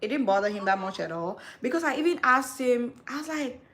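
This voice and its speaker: A woman in her thirties hosting a live stream, telling a personal story in an animated, chatty way. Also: fairly high pitch, fairly quick. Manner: animated storytelling, calls listener "girl". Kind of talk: casual live-stream chat.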